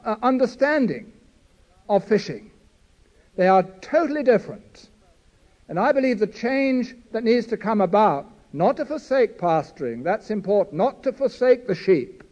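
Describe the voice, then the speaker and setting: A man's voice: sits high, darkish tone. An older man preaching a sermon to a gathering as an Anglican priest, earnest, building long lists and often stumbling and restarting. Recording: dull lo-fi recording.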